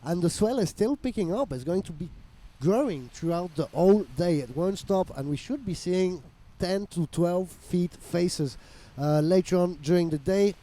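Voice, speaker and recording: A man's voice: high-pitched, animated, normal speed, dark tone. A man commentating a live surf contest, explaining scores and reading out viewer messages. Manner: reads viewer messages, slips into Spanish and French.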